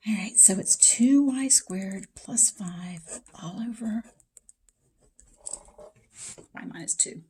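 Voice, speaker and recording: A woman's voice: mid-range voice, measured pace, mellow, husky. A woman teaching math in a casual recorded lecture, talking straight to her students in a chatty way from her home basement. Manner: chatty, talks to students directly.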